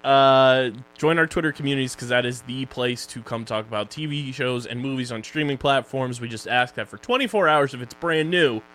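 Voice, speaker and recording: A man's voice: medium pitch, fairly quick, hardly any pauses, fairly bright tone. A young man co-hosting a casual podcast about streaming shows, joking loosely as he runs through social plugs and sponsor reads. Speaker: podcast co-host.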